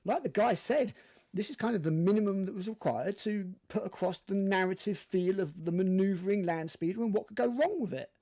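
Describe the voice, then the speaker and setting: A gravelly older man co-hosting a podcast, his voice sitting a little high for a man. He rants freely, swears often and fills gaps with ums and uhs. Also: a little fast, mellow. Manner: ranting and profane, many fillers. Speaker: podcast co-host. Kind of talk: casual chat.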